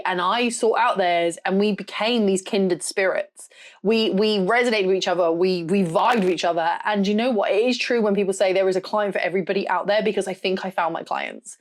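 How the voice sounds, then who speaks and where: Blunt, loud woman with a southern English accent. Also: medium pitch. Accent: southern English, rural. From south of England. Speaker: podcast host and photographer. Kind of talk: casual solo podcast monologue.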